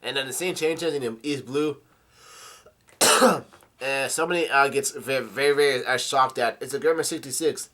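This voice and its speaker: A man casually reading through a comic chapter aloud with his own comments, halting, with many fillers, restarts and coughs. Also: medium pitch, fairly bright tone. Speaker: comic reader.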